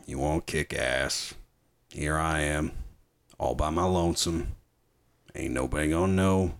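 A man putting on the voice of a bitter, world-weary male army sergeant in a low muttered drawl. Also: fairly even intonation, unhurried.

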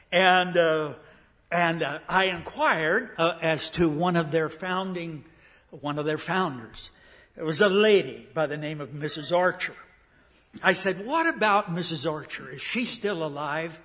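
A man's voice: fairly high pitch, a bit bright. An older man giving a guest sermon, telling a story in a folksy way with frequent fillers and restarts, in a church sanctuary. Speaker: guest preacher.

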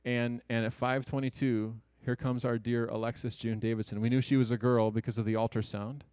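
A man's voice: medium pitch, level tone, smooth, dry recording. Male storyteller, thirties, earnest and conversational, mid-range voice, dry close sound. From Ohio, USA. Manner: earnest, conversational, with quick jokes and hushed asides. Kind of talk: personal story told to an audience.

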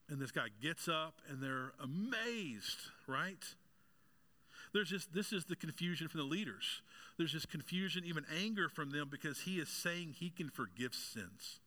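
Bright-voiced male pastor preaching. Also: a little high, lively intonation, measured pace. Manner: preaching with rising intensity, asking the congregation questions; joking aside with congregation members. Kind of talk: sermon.

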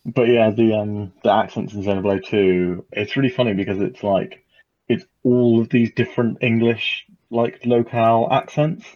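A man's voice: lowish voice, fairly even intonation, normal speed. A man co-hosting a gaming podcast, talking casually and hesitantly with many fillers. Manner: hesitant, many ums and likes. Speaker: podcast co-host. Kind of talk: casual chat. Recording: dull lo-fi mic.

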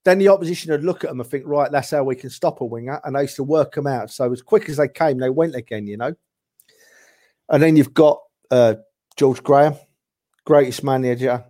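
A man's voice: mid-range voice, fairly quick, warm tone. A man in casual chat, reminiscing about favourite players, rambling with chuckles and restarts. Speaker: podcast guest, football fan.

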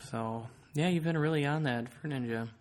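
A man's voice: mid-range voice, moderate pace. A man hosting a casual podcast, telling a rambling story with many fillers. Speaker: podcast host.

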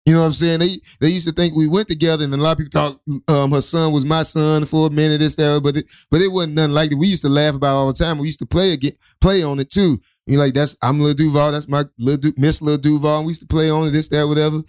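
A man's voice: a little high, fairly even intonation, quick pace, hardly any pauses, clear, resonant tone, dry recording, studio quality. A man co-hosting a talk show, telling a rambling, profane story with many restarts. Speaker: co-host. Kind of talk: casual storytelling chat.

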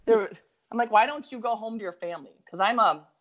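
A Minnesotan woman telling a long story in an easygoing, animated way, laughing as she goes and talking in eager bursts. The audio is a little dull and lo-fi. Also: on the high side, fast talker. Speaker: guest storyteller. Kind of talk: casual storytelling chat.

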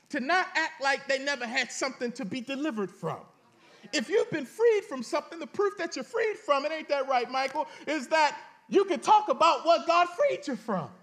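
A man preaching a sermon, reading scripture aloud and speaking colloquially to his congregation, with sudden dramatic rises into shouting. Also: very high-pitched. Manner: colloquial, addresses the congregation directly. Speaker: pastor.

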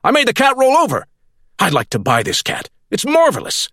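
Man playing a giddy show-off, yelling at a cat, high and bouncy. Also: slow, dry recording, clean studio sound, full character voice. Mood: gleeful. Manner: excited, boastful, shouting commands. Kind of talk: audiobook reading.

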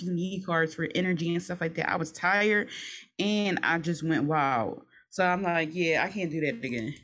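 Chatty, animated woman co-host. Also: on the low side. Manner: chatty, animated, rambling with fillers and laughs. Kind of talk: casual chat.

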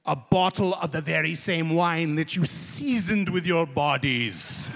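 A man voicing an excitable, theatrical European trip leader who booms out outbursts and slow, solemn pronouncements. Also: creaky, big-room sound, full character voice.

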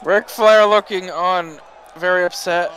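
A man's voice: high voice, steady tone, unhurried, fairly bright tone. A man on a voice chat call making joking, mocking asides while watching wrestling. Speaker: co-host. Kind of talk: live wrestling watch-along commentary.

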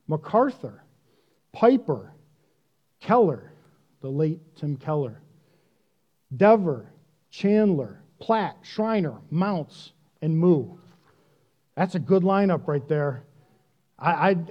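A man preaching a sermon in a conversational, self-deprecating and animated way. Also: high-pitched, muffled recording. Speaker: pastor.

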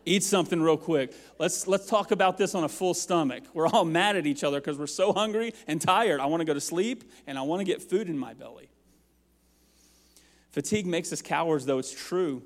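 A man's voice: a little high, fairly quick. A man preaching a sermon as pastor, with passionate rising and falling intensity. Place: church sanctuary. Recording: long hall reverb.

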